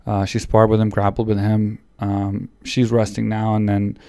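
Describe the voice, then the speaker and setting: A man's voice: fairly low pitch, monotone, normal speed, mellow, smooth, dry recording. A man hosting a podcast in casual chat, still a little out of breath, rambling with many restarts. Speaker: podcast host and coach. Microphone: studio podcast mic.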